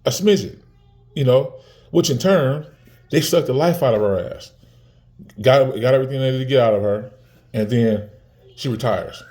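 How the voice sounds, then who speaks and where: A man's voice: medium pitch, moderate pace, pauses often, warm tone. A man in his forties talking casually to the camera, heated and profane, repeating words and restarting often. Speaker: vlogger.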